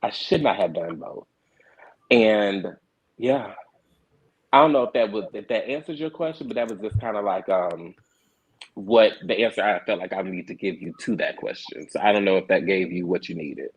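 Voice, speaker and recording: Low husky man, earnest and reflective. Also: normal speed, low-quality recording. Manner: earnest, reflective, repeats words as he restarts. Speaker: guest, reality show cast member and producer. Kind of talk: candid panel discussion.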